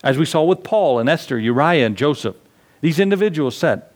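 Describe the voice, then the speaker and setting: A man preaching a sermon, quoting old-fashioned scripture and pushing his points with rising emphasis, then dropping low and reflective. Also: animated, a little fast. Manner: quotes scripture in King James wording. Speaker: pastor.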